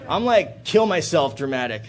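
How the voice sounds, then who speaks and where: A man giving a personal recovery talk at a convention in a hotel room. He swears freely and tells his story dramatically, swinging from loud excited bursts to low, quiet passages. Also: moderate pace, a faint crowd, slight background noise. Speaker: AA speaker.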